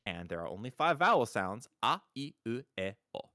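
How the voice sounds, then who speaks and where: A man's voice: lowish voice, big pitch swings, brisk, bright, forceful tone, no room sound, studio quality. A man chatting on a live stream, explaining pronunciation patiently like a teacher, with emphatic repetitions. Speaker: stream co-host. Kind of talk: casual chat on a live stream.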